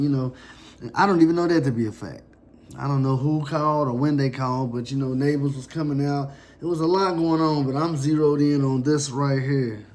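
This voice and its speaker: A man telling a personal story in a somber, reflective, halting way. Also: medium pitch, a little mellow, slight background noise.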